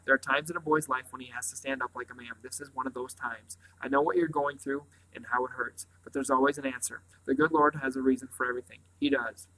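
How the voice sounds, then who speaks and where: A man reading aloud, voicing a steady, solemn farm father in a storybook in a low, earnest way. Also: fast, hardly any pauses, close to an everyday voice, poor audio.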